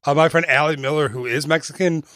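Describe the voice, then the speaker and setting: A man's voice: a little high, steady tone, fast talker, fairly bright tone, dry recording. Chatty man host, dry close sound. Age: adult. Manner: rambling, joking, trips over words and restarts. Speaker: podcast co-host. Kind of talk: casual travel podcast chat.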